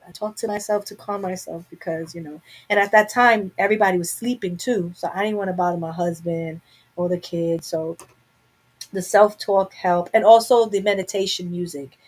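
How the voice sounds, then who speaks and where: A woman's voice: fairly low pitch, fairly even intonation, moderate pace, slightly rough, low-quality recording. Candid woman chatting on a home livestream. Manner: candid, rambling, talks to herself. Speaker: live stream host. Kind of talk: casual chat to viewers.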